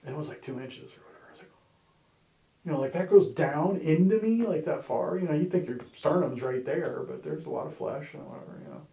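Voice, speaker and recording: A man's voice: mid-range voice, fast talker, vocal fry, few pauses, dark tone. A man sharing his personal testimony in a candid, conversational way, with wry humor and plenty of "you know"s. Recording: roomy echo.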